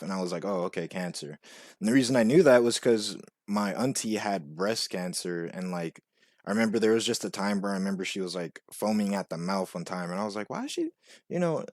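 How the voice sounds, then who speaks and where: A young man telling a rambling personal story, full of "like" and "you know", now and then acting out quoted voices much higher. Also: no echo, clean studio sound. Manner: rambling, filler-heavy with frequent "like" and "you know". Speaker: vlogger. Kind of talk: casual storytelling monologue.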